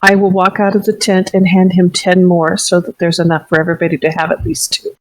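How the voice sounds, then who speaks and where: A woman playing a tabletop game, calmly describing her character's actions step by step. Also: fairly low pitch, fairly quick, low-quality recording. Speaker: player.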